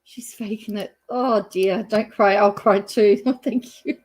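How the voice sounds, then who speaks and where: A woman's voice: mid-range voice, fairly even intonation, slow, a little mellow. A middle-aged woman with an Australian accent hosting a casual live stream, chatting and reading out viewer comments. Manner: chatty, reads out viewer comments, thinks aloud with fillers. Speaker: YouTube live-stream host.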